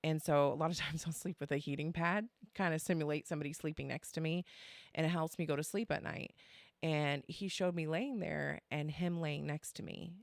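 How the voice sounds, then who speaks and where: A woman co-hosting a podcast, telling a story in casual chat, animated and quoting others as she goes. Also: sits low, fairly quick, vocal fry, no echo, clean studio sound. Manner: animated, quotes others, swears and laughs. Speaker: podcast co-host.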